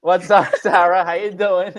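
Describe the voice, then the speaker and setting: Halting young male sports show host. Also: high-pitched, level tone. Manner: halting, repeats words, laughs often. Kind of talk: casual call-in sports talk.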